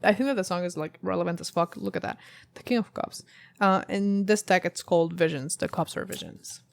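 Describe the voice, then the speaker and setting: A woman's voice: lowish voice, fairly quick, vocal fry, no echo. A woman giving a casual tarot reading to camera, rambling and thinking aloud with many fillers. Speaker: tarot reader.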